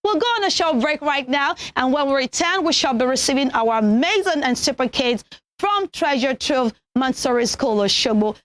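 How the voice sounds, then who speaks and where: A young woman presenting a children's TV pronunciation lesson, enunciating slowly and deliberately and cheering the kids on. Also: high voice, lively intonation, fairly bright tone, no echo. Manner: slow, deliberate teacherly enunciation, encouraging.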